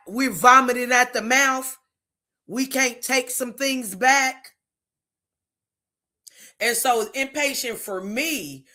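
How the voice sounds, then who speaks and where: Bright, blunt woman host. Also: a little high. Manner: blunt, emphatic, preachy, demonstrates tones. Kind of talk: faith-based talk monologue.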